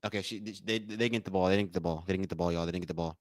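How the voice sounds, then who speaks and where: Excitable man calling a game live. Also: low voice, racing, no room sound. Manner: excitable, repeats phrases, says y'all a lot; thanks donors by name. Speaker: livestream watch-along host. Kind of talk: live game commentary and chat.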